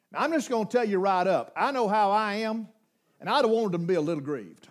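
Very high-voiced male preacher. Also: animated, a little fast. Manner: dramatic storytelling, swings from loud to hushed; folksy, emphatic repetition. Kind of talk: sermon.

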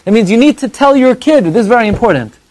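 Animated high-voiced man teaching a class. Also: no room sound. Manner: animated and conversational, jumps between high exclamations and low asides; quick rhetorical questions and mock dialogue. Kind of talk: evening Torah class before a live audience.

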